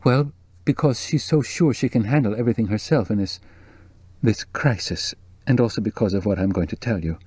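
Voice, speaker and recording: A man reading the part of a jumpy, anxious young woman with a low, breathless voice in an audiobook. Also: brisk, darkish tone, slightly rough, no echo. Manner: nervous, jumpy, worried.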